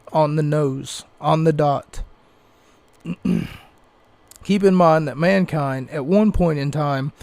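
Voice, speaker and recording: A man with a fairly high, mellow voice talks slowly through a casual wrestling recap, rambling and doubling back on himself. The sound is dry and close, with no room around it. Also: no room sound. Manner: rambling, with restarts and asides. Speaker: podcast host.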